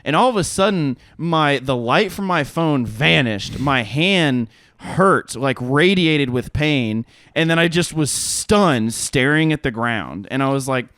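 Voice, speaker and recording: A man's voice: on the high side, unhurried, dry recording, clean studio sound. A man in his thirties, co-hosting a podcast, telling a story in casual chat with lots of laughter and acted-out quotes. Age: 30s. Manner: animated, profane, laughs often, acts out quotes. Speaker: podcast co-host.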